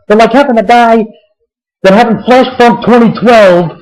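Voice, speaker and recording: A man's voice: sits high, fast, a little mellow, rough recording. A young man casually recapping a wrestling show, rambling with many fillers and restarts and swearing freely.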